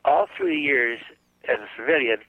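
A man's voice: mid-range voice, moderate pace, no echo. An older man tells a rambling story on a radio show and slips into the voices of the people in it. His voice comes through a narrow, phone-like line with a dry sound. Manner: chatty anecdotal storyteller, acts out dialogue. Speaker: guest psychic.

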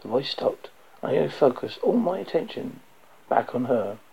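A man narrating a first-person audiobook in a low, intense delivery that sometimes falls to a whisper. His voice is gravelly and dark-toned, with a husky edge. The recording sounds dull and lo-fi. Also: big pitch swings, a little slow.

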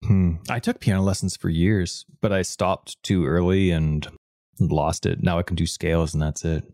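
A Canadian man with a fairly low voice chats on a gaming podcast, playful and rambling as he jumps between topics. His close, dry microphone sound has almost no room in it. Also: steady tone, darkish tone, no echo. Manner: playful, rambling, quick to laugh. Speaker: podcast co-host. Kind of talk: casual gaming podcast chat.

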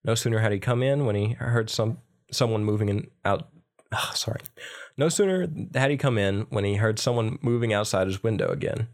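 Male podcast co-host, lower register, plain casual read-aloud of a ghost story. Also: brisk. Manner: reads a folk tale aloud with small slips and restarts. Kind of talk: casual chat and story reading.

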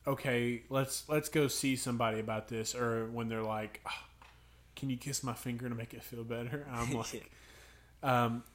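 A man's voice: mid-range voice, fairly even intonation, normal speed. Young male podcast co-host, casual storyteller who acts out kids' voices. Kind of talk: casual chat.

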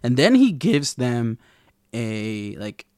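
A man's voice: mid-range voice, big pitch swings, takes it slowly, darkish tone, clean tone, no echo, clean studio sound. A young man recapping a TV episode in a rambling, casual way, full of slang and swearing. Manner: rambling, profane slang, lots of fillers. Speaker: TV recap vlogger.

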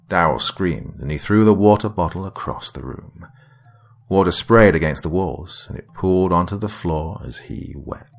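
Deep, gravelly male storyteller. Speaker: narrator. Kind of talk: scripted narration of a dark story.

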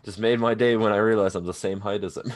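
A man's voice: on the low side, steady tone, fast talker. A young man co-hosting a casual movie review chat, joking and swearing freely. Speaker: podcast co-host.

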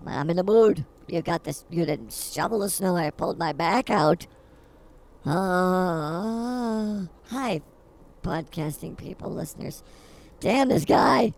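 A woman's voice: on the low side, slow pace, gravelly, darkish tone. A woman co-hosting a comedy podcast, feisty and mock-combative in her banter. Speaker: podcast co-host.

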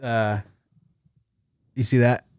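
A man's voice: mid-range voice, level tone, slow, a little mellow, clean tone, no room sound. A man co-hosting a casual podcast chat, joking and rambling while playing clips for the others. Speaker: podcast co-host.

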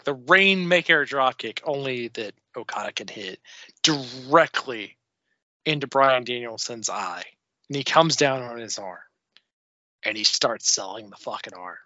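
Excitable, profane man with a bright voice. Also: medium pitch, no echo, muffled recording. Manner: excitable, profane, laughing often. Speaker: podcast co-host. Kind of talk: casual wrestling review chat.

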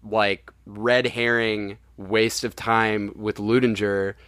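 A man's voice: on the low side, takes it slowly, clear, resonant tone, no room sound, clean studio sound. A young man, the podcast host, reviewing a film in casual, rambling chat and swearing freely. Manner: animated, profane, rambling.

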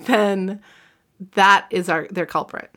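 A woman's voice: mid-range voice, steady tone, slow pace, a bit bright. A woman hosting a podcast, casually recapping a book and laughing often as she reads passages aloud. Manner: laughs often while summarizing and reading aloud. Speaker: podcast host.

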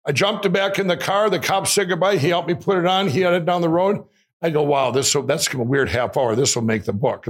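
An excitable man telling a rambling personal story as an interview guest, often laughing while he talks. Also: a little high, slightly rough. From Minnesota. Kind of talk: animated storytelling.

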